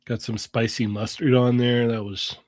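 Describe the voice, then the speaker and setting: A man co-hosting a podcast, telling a lively story and acting out voices and engine sounds. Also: mid-range voice, moderate pace, dry recording. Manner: animated storyteller, acts out quotes and sound effects. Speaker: podcast co-host. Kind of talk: casual storytelling.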